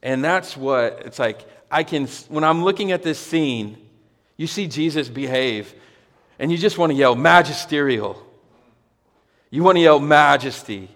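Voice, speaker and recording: A man's voice: on the high side, normal speed. Man preaching a sermon in a reverberant hall. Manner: conversational, rising to emphatic repeated exclamations. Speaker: pastor. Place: church hall with a congregation.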